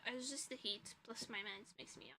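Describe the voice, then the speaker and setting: Streaming from her own room, a vtuber streamer and illustrator makes casual chat, rambling, giggling and cursing, sounding tired and stuffy-nosed. Her voice is on the high side, bright and forceful, at a normal speed, in a low-quality recording.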